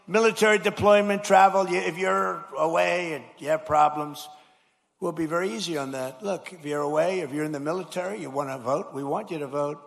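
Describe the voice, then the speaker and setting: A man's voice: fairly high pitch, brisk, vocal fry. A man, a politician, giving a rambling, repetitive and emphatic rally speech from a podium mic in a large school hall. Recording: long hall reverb.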